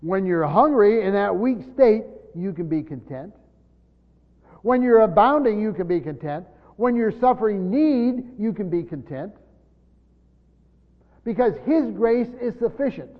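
A man's voice: sits high, expressive, unhurried. Man teaching scripture in an echoing hall. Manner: emphatic, swinging between loud stresses and quiet asides. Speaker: pastor teaching a Bible study. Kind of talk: expository Bible teaching. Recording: dull lo-fi sound in a large echoing hall.

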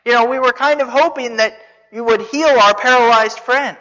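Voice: mid-range voice, moderate pace, sharp tone, lightly acted. A preacher voicing the friends of a paralyzed man, speaking politely and sounding mildly let down. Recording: dull reverberant hall recording.

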